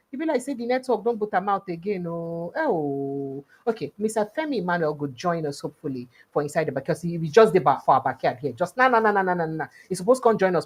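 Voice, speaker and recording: Animated woman in Nigerian Pidgin. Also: medium pitch. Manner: animated, mixing Pidgin and English, rhetorical questions. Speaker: host of a political talk show. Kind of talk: lively news commentary.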